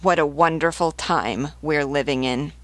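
A woman reading as a calm, scornful old marquis. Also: low-pitched, dry recording. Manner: calm, unhurried, unstressed delivery. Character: aged aristocratic male marquis, calm, scornful, well-bred. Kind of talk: reading a novel aloud.

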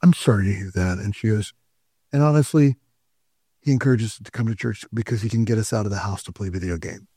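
A man's voice: lowish voice, fairly quick, dark tone, slightly rough, dry recording, clean studio sound. A man preaching a sermon in a church, talking directly to the congregation in a conversational way. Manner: conversational preaching with asides and quoted dialogue. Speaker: pastor. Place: church sanctuary.

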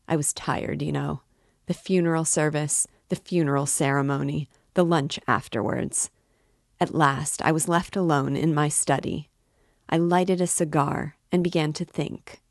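A sly middle-aged landowner, read by a woman rambles in a confiding, oddly offhand way. The voice sits low and moves slowly. The sound is dry and close. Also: gravelly, darkish tone, dry recording, exaggerated voice. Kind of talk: reading a novel aloud.

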